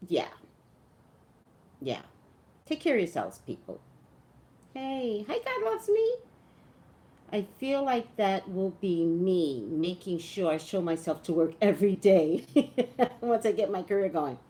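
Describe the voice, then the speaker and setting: A woman's voice: mid-range voice, very animated, slow pace, long pauses, warm tone. A woman hosting a casual live stream from home on a phone, chatting, laughing often and greeting viewers by name. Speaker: livestream host. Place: indoors at home, dim lighting. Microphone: phone livestream.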